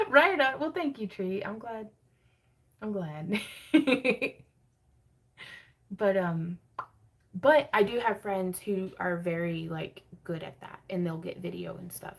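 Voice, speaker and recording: A woman's voice: fairly low pitch, gravelly. A woman, hosting a casual livestream sale from her home craft room, chatty and rambling, reading viewer comments and laughing often.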